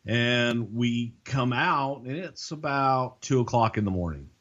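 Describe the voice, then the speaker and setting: A man's voice: mid-range voice, a little slow, dull audio. A man casually telling a long, profane story, acting out the voices of the people in it. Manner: profane, animated, acts out quoted voices.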